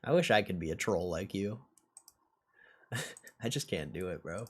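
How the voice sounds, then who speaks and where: A man's voice: sits low, expressive, moderate pace. A young man hosting a casual stock livestream and answering chat in a sarcastic, laid-back way, swearing and laughing often.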